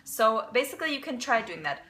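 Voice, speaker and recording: A woman teaching a casual language lesson, explaining step by step, repeating example words slowly and often checking in with "okay?". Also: a little high, sing-song, pushed and bright, a little hiss or hum, low-quality recording.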